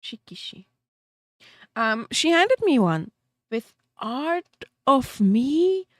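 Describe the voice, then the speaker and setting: High-voiced, giggly woman streamer. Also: very animated, very slow, dry recording. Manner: giggly and openly emotional, laughing often between sentences; self-deprecating rambling with small restarts. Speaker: VTuber streamer. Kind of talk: casual chat with stream viewers.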